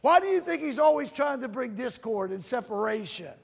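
High-voiced preacher with gravelly edge in a reverberant hall. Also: male voice, expressive. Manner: fervent, calls to the congregation, reads scripture in slow drawn-out cadence. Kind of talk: sermon. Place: church sanctuary. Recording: long reverb of a large hall.

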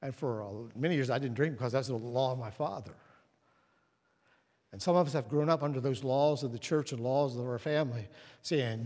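A man preaching a sermon at a church service, telling stories and dropping to hushed tones for emphasis. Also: mid-range voice, brisk. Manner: storytelling, drops to hushed tones. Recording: long hall reverb.

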